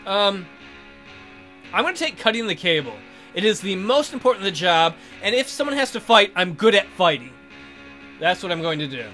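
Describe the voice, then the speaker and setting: Bright, lively-voiced man reading a game. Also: high voice, normal speed, faint music behind. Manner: playful, bursts into silly put-on voices and shouts. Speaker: let's play host. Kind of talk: reading a text adventure aloud with jokey commentary.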